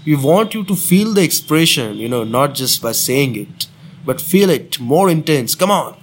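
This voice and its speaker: A man making a prank phone call, insistently pitching a fake casting offer. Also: animated, normal speed, slight background noise. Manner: insistent, smooth-talking recruiter pitch. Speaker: prank caller.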